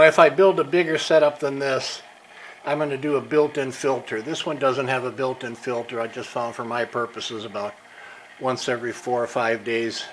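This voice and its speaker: Brief: older man vlogging from his home workshop, slightly winded, easygoing and halting, faint background noise. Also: medium pitch, low-quality recording. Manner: relaxed, halting with frequent fillers. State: a little out of breath. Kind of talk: casual workshop show-and-tell.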